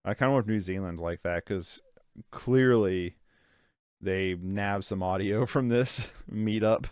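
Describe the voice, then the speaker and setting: A young man from Ohio talks through a documentary as it plays, full of "like" and quick laughs. His voice sits fairly low and sounds smooth and clean. The room is dry, with no echo around him. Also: darkish tone. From Ohio, United States. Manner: incredulous, swearing, frequent "like", quick laughs. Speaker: movie reaction host. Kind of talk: casual watch-along commentary.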